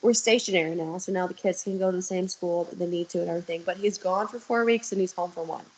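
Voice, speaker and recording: A woman's voice: fairly low pitch, quick pace, a little hiss or hum, poor audio. A young woman talking candidly on a video call, telling stories and swearing freely. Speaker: guest. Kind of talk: casual chat.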